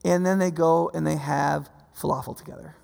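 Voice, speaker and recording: A male pastor delivering a casual, animated sermon, his voice high-pitched with a gravelly edge. He slips into the voices of the people he quotes. His words ring out with a long reverb from a large hall. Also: moderate pace. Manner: conversational, animated, acts out quotes.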